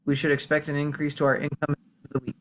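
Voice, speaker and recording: A man voicing a measured, deferential male advisor in a game. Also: fairly high pitch, monotone, a bit bright, slight background noise, natural voice. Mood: formal. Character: formal male royal advisor.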